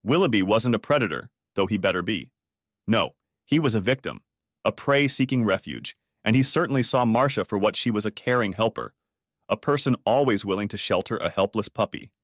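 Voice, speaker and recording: A man reading a first-person story aloud in a dramatic, expressive way. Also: lowish voice, brisk, dry recording, clean studio sound. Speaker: story narrator.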